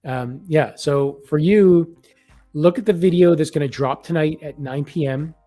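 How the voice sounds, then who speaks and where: A man hosting a live online reading, talking casually with warm affirmations and many restarts. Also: a little high, unhurried, faint music behind. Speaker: psychic reader hosting a live event.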